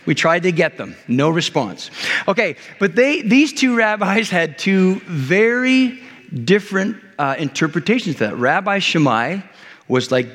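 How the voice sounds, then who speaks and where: A pastor preaching a conversational sermon, joking with the congregation and acting out quotes. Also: male voice, a little high, sing-song, moderate pace, fairly bright tone, in a large hall. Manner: conversational, jokey, with many restarts and acted-out quotes.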